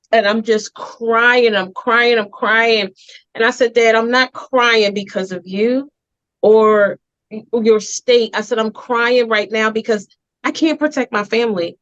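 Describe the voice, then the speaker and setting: Earnest woman host, dull lo-fi sound. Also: fairly high pitch. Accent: Philadelphia. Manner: earnest, heartfelt storytelling, slow and emphatic. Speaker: host, community advocate. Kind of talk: interview talk show.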